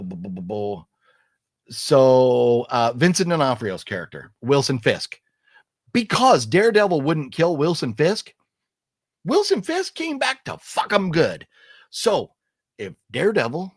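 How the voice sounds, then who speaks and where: A man hosting a casual live chat, reading out chat messages as he goes, animated and rambling, with many fillers and restarts. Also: mid-range voice, no echo, studio quality. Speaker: livestream host reading chat.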